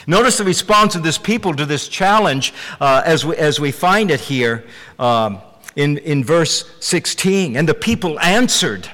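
A man's voice: fairly high pitch, expressive, a little slow, a bit bright. Emphatic man preaching in a reverberant hall. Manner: earnest, emphatic, with frequent restarts. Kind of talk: sermon.

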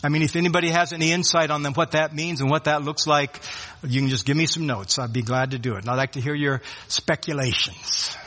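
A man preaching a sermon, earnest and emphatic, dropping from loud declarations to hushed tones. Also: on the high side, steady tone, a little fast. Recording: long hall reverb.

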